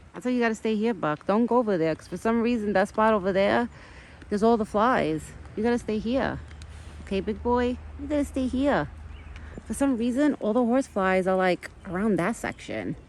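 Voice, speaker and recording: Woman vlogger, casual outdoor phone chat, lower voice, coos at animals, faint background noise. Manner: coos sweetly at animals in a raised baby-talk voice. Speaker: vlogger feeding wild animals. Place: outdoors in a yard by woods.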